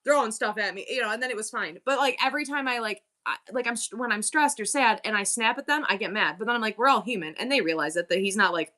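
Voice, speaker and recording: Bright-voiced chatty woman streamer. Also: on the high side, fast. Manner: chatty, candid, rambling with self-interruptions. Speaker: live-selling stream host. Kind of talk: casual chat to live viewers.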